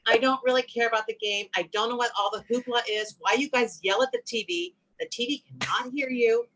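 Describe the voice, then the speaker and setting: A middle-aged woman telling family stories as a podcast guest, animated and acting out the quotes as she goes. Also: a little high, a little fast, poor audio. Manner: animated storyteller, acts out quotes. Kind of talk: casual interview chat.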